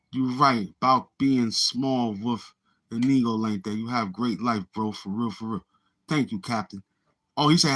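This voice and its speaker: A man's voice: mid-range voice, normal speed, sharp tone. A middle-aged man with a Brooklyn accent hosting a livestream in casual chat, answering viewers in streetwise slang and repeating himself. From Brooklyn, New York. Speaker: livestream host reading chat.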